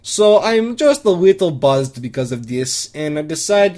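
A man's voice: on the high side, sing-song, measured pace, hardly any pauses, a little mellow. A man delivering a comedic first-person monologue, rambling and crude, with lots of restarts.

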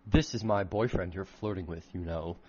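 A man's voice: low voice, normal speed, mellow, breathy edge, lo-fi sound, pitched below the performer's own voice. A man voicing a young male dragon player who speaks in a mockingly stern way.

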